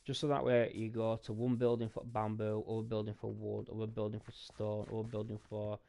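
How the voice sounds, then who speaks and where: A man's voice: on the low side, monotone, fairly quick, creaky, warm tone. A tired man, thinking aloud as he plays a building game. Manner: thinking aloud, rambling and musing. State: tired and sleepy. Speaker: gaming streamer. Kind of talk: casual gameplay commentary. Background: background music.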